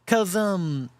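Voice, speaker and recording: Fields: Sex: woman. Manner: laughing, swearing. Pitch: very lively. Pace: slow. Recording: dry. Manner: laughs often, swears, reads chat aloud. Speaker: streamer reacting to a clip. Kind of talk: casual chat.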